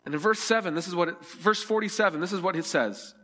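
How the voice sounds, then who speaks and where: Bright-voiced man preaching a sermon. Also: high-pitched, fast, long reverb tail. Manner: earnest, acting out scripture dialogue with shifting emphasis. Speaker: pastor.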